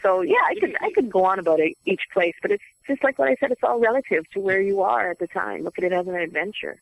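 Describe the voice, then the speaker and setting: A woman voice actress, a guest on an interview show, telling stories in a chatty, animated way and laughing easily. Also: medium pitch, quick pace, creaky, dry recording, low-quality recording. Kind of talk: casual interview storytelling.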